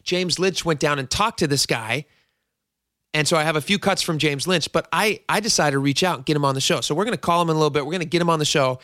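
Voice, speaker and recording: A man's voice: a little high, quick pace, pushed and bright, no echo. A man hosting a talk radio show on a studio microphone, chatty and jokingly self-mocking.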